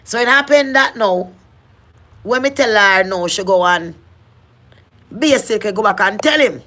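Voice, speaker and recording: A middle-aged woman with a Jamaican accent tells her own life story in earnest patois, frequently repeating and restarting phrases. Her mid-range voice is animated and sharp, moving at a moderate pace.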